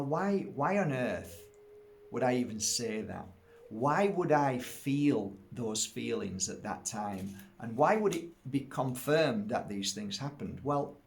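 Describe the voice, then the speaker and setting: Male medium, casual monologue, gravelly mid-range voice, light background noise. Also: medium pitch. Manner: earnest and chatty, with frequent restarts and acted-out quotes. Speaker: psychic medium and healer.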